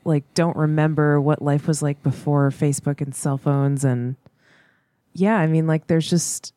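A podcast co-host in casual chat, thoughtful and quick to laugh. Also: mid-range voice, steady tone, dark tone, dry recording, clean studio sound.

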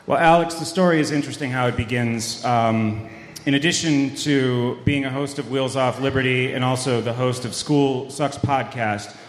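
Deadpan male storyteller in an echoey hall. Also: medium pitch, a little hiss or hum. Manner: deadpan storytelling, many fillers and trailing pauses. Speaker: podcast host and guest. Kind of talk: mock-serious comedic storytelling. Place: live event hall. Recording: echoey hall with long reverb.

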